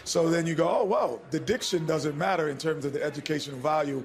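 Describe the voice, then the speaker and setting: A man's voice: a little high, fast. A man from New York City on a TV studio panel, telling a story with animation. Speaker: TV studio analyst. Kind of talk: television studio panel talk.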